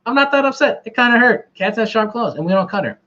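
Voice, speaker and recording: Joking quiz host, lively lo-fi stream. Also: male voice, extremely high pitch, fast talker. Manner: joking, rambling, self-deprecating. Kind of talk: casual livestream trivia hosting. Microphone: camera mic. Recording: dull lo-fi livestream audio.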